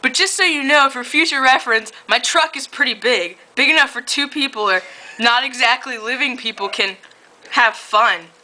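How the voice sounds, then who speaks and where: Cocky flirty werewolf guy, as a woman reads him, snarky, bright, giggly. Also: on the high side, expressive, measured pace, pitched above the performer's own voice, exaggerated voice, rough recording.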